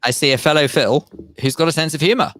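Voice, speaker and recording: A man's voice: on the high side, fast, a bit bright, no echo. A middle-aged man co-hosting a radio show, wry and mock-indignant, given to long explanations. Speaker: radio co-host. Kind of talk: bantering radio chat.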